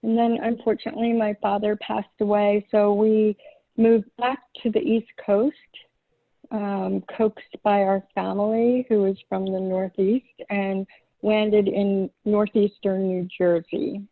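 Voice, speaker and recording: A woman's voice: mid-range voice, flat delivery, a little slow, no echo. Middle-aged woman guest on a tinny line. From Long Island, New York. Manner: hesitant, many ums, light laughs. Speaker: podcast guest, holistic chiropractor. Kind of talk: casual interview answers.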